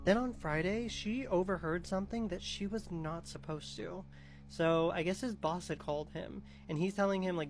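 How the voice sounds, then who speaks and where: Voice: medium pitch, moderate pace, faint music behind. Chatty casual horror storyteller. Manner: chatty, many "like" fillers.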